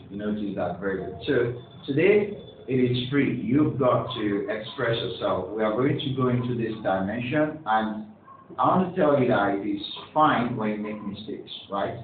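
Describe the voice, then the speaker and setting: A man with a mid-range voice teaches a pronunciation lesson to a class at an unhurried pace, encouraging the students, asking them questions and praising their answers. The recording sounds echoey, distant and phone-like, with faint hiss.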